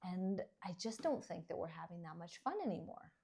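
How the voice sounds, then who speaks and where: A middle-aged woman from Canada, co-hosting a podcast in casual chat, dry and teasing, quick to laugh. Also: on the low side, lively intonation, vocal fry, dark tone, husky. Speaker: podcast co-host, dentist.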